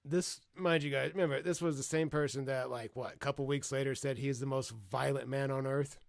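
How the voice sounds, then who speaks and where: Give me a gravelly-voiced man casually reacting to a video, dry and close. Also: mid-range voice, fairly even intonation, brisk, dry recording. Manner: laid-back, swears freely.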